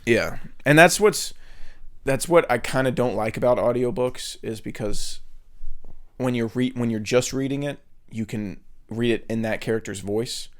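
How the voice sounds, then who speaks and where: A man's voice: medium pitch, normal speed, a bit bright. A man co-hosting a podcast, talking in a casual, rambling way with lots of fillers and restarts. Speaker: podcast co-host. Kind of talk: casual chat.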